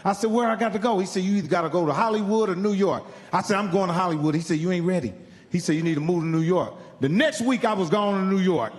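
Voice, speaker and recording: A middle-aged man from Indiana telling profane stand-up stories with animated, acted-out quotes on a comedy club stage. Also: high voice, fast talker. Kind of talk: stand-up storytelling. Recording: live club sound with hall reverb.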